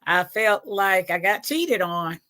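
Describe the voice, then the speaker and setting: A woman's voice: mid-range voice, animated, slow, sharp tone. A woman co-hosting a casual sports chat on a video call from her kitchen, speaking in short, laughing replies. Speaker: co-host. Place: home kitchen.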